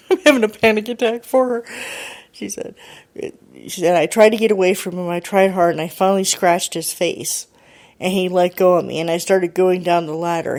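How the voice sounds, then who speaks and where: Low-voiced woman retelling a ghost story. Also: darkish tone. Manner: chatty, quotes the caller line by line. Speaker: radio show host.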